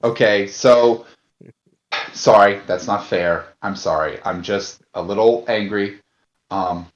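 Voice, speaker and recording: Slow, halting man in an echoey room. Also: fairly low pitch, lo-fi sound. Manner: halting, many fillers, indignant. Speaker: tabletop game player. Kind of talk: in-character role-play.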